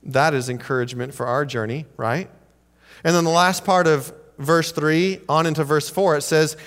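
A man with a fairly high voice preaches a sermon as a pastor, animated and storytelling with humor. His voice rings out with a long reverb, as if from a large church hall. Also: moderate pace. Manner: animated storytelling with humor, acting out quoted lines.

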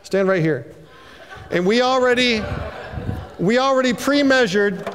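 Animated male pastor, high voice, preaching in a reverberant sanctuary. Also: unhurried, noisy background. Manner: animated, preachy, calls for amens. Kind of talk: sermon.

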